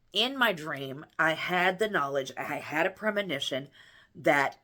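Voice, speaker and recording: A woman's voice: low voice, fairly bright tone. A middle-aged woman vlogging from home, telling a personal story in an earnest, rambling way with many restarts. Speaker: spiritual vlogger and healer.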